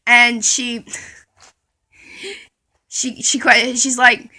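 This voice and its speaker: A woman's voice: a little high, little pitch movement, very slow, pushed and bright. A woman telling a comic story from her school days, rambling along and giggling at her own jokes.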